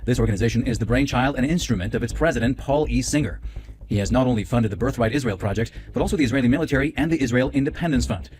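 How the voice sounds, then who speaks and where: A man reading a scripted news report in a steady, matter-of-fact way. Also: medium pitch, slight background noise.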